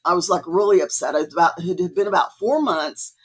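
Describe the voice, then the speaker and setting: A woman guest telling her story in a casual interview, chatty and lively, acting out remembered conversations. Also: brisk, husky. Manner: chatty, acts out quoted dialogue with rising pitch. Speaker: guest artist.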